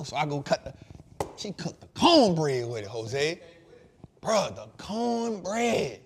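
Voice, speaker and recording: A man in his thirties hosting a show, telling a casual story in an animated, slangy way that swings from loud to hushed. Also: fairly high pitch, slow, slight background noise. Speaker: host.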